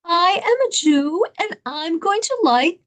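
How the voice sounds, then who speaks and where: A woman's voice: very high-pitched, sing-song, quick pace, voice pushed up. A woman voicing the inner thoughts of a frightened young Jewish woman who finds her resolve, in a raised, anxious voice. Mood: resolute.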